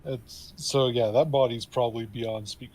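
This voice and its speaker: Halting man at a game table. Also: mid-range voice, steady tone, a little mellow, rough recording. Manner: halting, lots of fillers and restarts. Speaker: player. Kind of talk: casual tabletop game chat.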